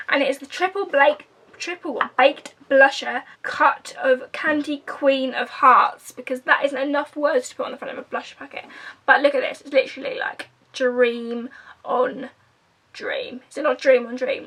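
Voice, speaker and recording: Woman, Essex accent, young adult, bright voice, chatty beauty vlogger, gushing, slips into whispers. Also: high-pitched. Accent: Essex English. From England. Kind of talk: casual makeup review.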